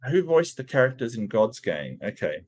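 A man's voice: mid-range voice, very animated, normal speed, a little mellow, slightly rough. A man talks through his reactions casually in a mid-range voice, stopping often to stammer, restart and fill the gaps with ums. He sounds unscripted and thinking aloud, like a host chatting to his viewers. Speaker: channel host reacting to cartoon clips.

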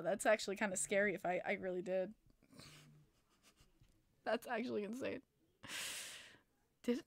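A young woman with a New York accent and a medium-pitched voice hosts a live stream, chatting casually with her audience over a dry recording. She is excitable and profane, and she laughs often.

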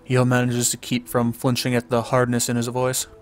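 Monotone man reading a game aloud. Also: medium pitch, normal speed. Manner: flat, even reading with small stumbles. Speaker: let's play commentator. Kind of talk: reading visual novel text aloud with casual commentary. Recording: faint music underneath.

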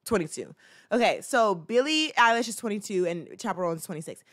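A female host with a medium-pitched voice and lively intonation talks fairly quickly while reacting to a clip. She chats and rambles, restarts sentences, uses many fillers, and performs playful little scenes.

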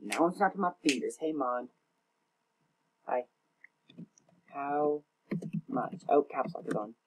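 A man's voice: on the high side, lively intonation, takes it slowly. A young man casually commenting on his own gameplay, rambling, self-mocking and often tongue-tied. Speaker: gaming channel host.

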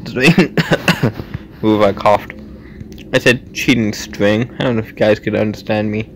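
Slow, gravelly man narrating his gameplay. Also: on the low side, fairly even intonation, a little hiss or hum. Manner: talks to himself while playing, chatty, quick little laughs. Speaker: gaming channel host. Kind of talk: casual gameplay commentary.

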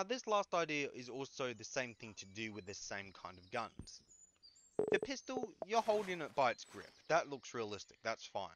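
A man's voice: lowish voice, bright, forceful tone, lo-fi sound, a little hiss or hum. A young man giving casual game suggestions, stuttering often and trailing off with filler words. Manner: halting, filler-heavy, trails off with "but yeah". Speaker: gaming YouTuber.

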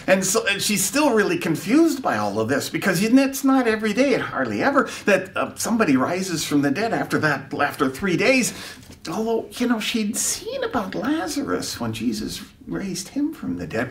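A man leading a preschool chapel, telling a story in an animated, playful way that sometimes drops to a whisper. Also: sits high, far from the mic, slight background noise. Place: church.

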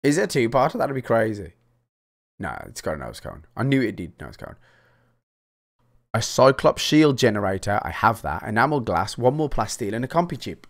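A man's voice: medium pitch, sing-song, normal speed. A man, chatting casually and swearing freely while commentating his own game playthrough. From England. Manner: sweary, chatty, jokey rants to viewers. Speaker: gaming YouTuber. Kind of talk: casual let's-play commentary.

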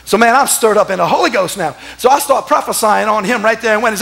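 A man, a pastor telling stories in a sermon, animated and laughing, sometimes breaking into shouts. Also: sits high, fast, creaky, hardly any pauses. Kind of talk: sermon storytelling. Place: church.

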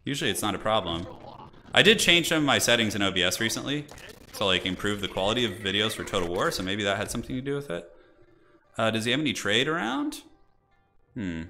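A man's voice: fairly low pitch, big pitch swings, fast talker, bright, forceful tone. A young man streaming a strategy game, chatting casually and thinking aloud as he plays. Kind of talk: casual gameplay commentary.

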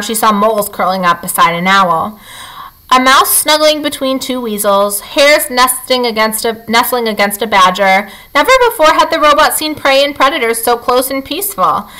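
A woman reading a children's novel aloud, expressive, lifting and dropping her tone as she reads. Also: medium pitch, normal speed, low-quality recording. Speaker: storybook reader.

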